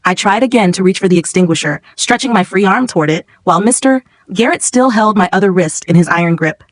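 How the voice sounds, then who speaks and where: A woman narrates a scripted first-person story at a steady, tense pace. Her voice sits in the middle range, and the recording is dry and close with no room sound. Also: medium pitch, quick pace, no room sound, poor audio.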